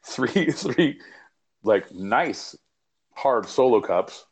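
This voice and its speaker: Brief: male podcast co-host, rambling and profane, laid-back anecdotes, mid-pitched voice. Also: big pitch swings, drawn-out words, husky. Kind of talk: casual chat.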